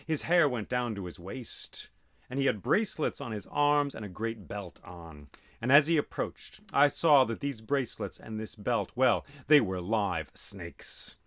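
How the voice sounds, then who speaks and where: A man telling an old myth aloud as host, dramatic and animated, voicing sound effects as he goes. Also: mid-range voice, dry recording, studio quality. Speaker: storyteller and podcast host. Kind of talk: oral storytelling of myth.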